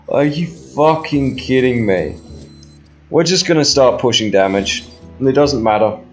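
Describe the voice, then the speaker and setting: Slow-talking sarcastic male game commentator. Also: mid-range voice, expressive, soft background music. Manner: sarcastic, profane, exasperated. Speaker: gameplay commentator.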